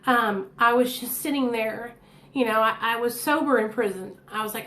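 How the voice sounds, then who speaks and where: A woman with a fairly high voice talks straight to her viewers, blunt and candid in casual storytelling. The sound bounces around an echoey room. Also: moderate pace, pushed and bright. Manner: candid, blunt and chatty, addresses viewers directly. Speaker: vlogger telling her recovery story.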